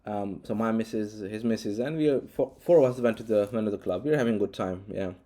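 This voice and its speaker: A man's voice: on the low side, quick pace, mellow. A man vlogging, telling a personal story casually with many restarts and fillers. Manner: rambling, frequent restarts and fillers.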